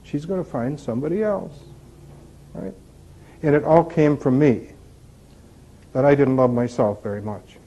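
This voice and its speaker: A man's voice: on the high side, measured pace, vocal fry, long pauses, dark tone. A man giving an informal recovery talk, telling candid stories and tossing out rhetorical questions. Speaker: recovery speaker. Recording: dull lo-fi recording.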